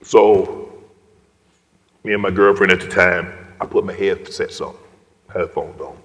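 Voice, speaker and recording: Deep-voiced man telling a moving story. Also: unhurried. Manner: emotional, swings from loud to hushed whispers. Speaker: guest speaker. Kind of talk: personal storytelling speech. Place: large event hall. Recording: long reverb of a large hall.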